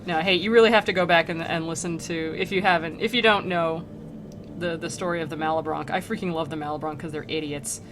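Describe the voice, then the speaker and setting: A woman's voice: on the low side, fairly even intonation, quick pace, background noise. A young woman streaming, chatting casually and comically about an old poem, giggling and slipping into silly character voices. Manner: bubbly, giggly, full of likes, acts out characters in silly voices. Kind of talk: casual comedic chat about a classic poem. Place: home streaming setup.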